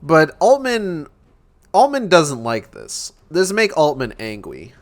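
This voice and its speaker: A man's voice: a little high, wildly swooping pitch, a little slow. A young man hosting a book club stream, reading a novel aloud and breaking in with sarcastic, profane commentary.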